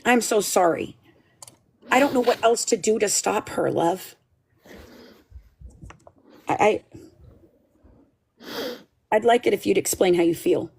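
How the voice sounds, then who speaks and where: A woman's voice: mid-range voice, slow pace, gravelly, long pauses, a little mellow, slightly rough. A woman hosting a live stream who speaks in an agitated, swearing way, her voice tight with anger. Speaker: livestream host. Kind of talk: live-stream talk to chat.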